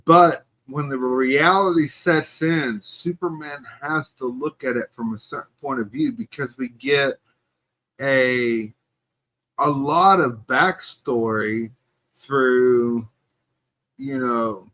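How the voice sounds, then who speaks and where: A man talking at an unhurried pace on a movie podcast. His voice sits mid-range and he argues his view with emphasis, pushing back on his co-host. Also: medium pitch, a bit bright, poor audio. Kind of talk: casual movie discussion.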